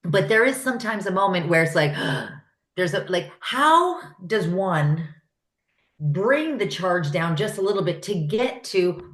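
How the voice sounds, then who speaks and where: A woman with a notably low voice asks a question in casual conversation, thinking aloud as she goes. Her voice carries a clear room echo. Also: expressive, slow pace. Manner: thinking aloud, searching for words. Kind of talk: casual chat.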